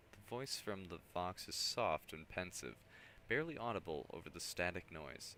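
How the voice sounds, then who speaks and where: A man's voice: sits low, expressive, moderate pace, bright, forceful tone, a little hiss or hum. A man streaming a game, reading its narration aloud with casual, drowsy asides.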